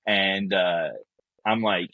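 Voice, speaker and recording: A man telling a story casually as a podcast guest, animated and acting out the people he quotes. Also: low voice, slow, no echo, muffled recording.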